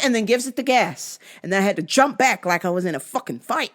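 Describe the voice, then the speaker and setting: A woman's voice: a little high, expressive, brisk, few pauses. A woman hosting her own show, telling a story as a heated, profane rant and acting out both sides of the exchange. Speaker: podcast host.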